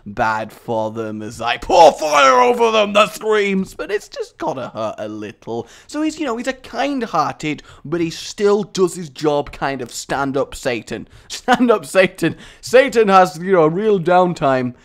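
Man, gaming commentary host, playful, self-mocking, higher voice, slow pace. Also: very animated. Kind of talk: Minecraft commentary.

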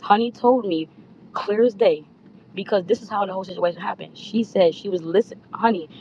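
A woman talking low on a phone call from an airplane, pressing her point and cutting others off. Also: fairly quick, darkish tone. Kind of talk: heated phone call argument. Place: airplane cabin. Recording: muffled phone audio with faint hum.

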